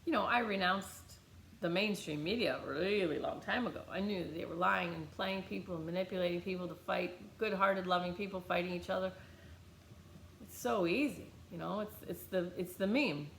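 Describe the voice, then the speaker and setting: Blunt, animated middle-aged American woman vlogger, casual storytelling, roomy sound. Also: on the low side, moderate pace, gravelly, a little hiss or hum. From United States. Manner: blunt, animated, swears freely.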